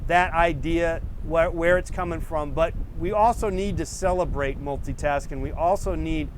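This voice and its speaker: A middle-aged man with a slightly high voice rambles easily to his viewers, wandering from one tangent to the next. He sounds relaxed and unscripted, and faint street traffic hums behind him. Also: moderate pace. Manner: rambling, digressive, easygoing. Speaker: painting show host. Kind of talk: casual rambling chat to viewers.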